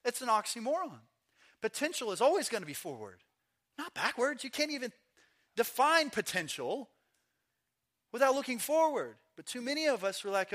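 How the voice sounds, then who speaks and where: A pastor delivers a sermon in a church, his voice pitched high and ringing bright. He preaches with animated energy, telling stories and slipping into acted voices along the way. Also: normal speed, pauses often.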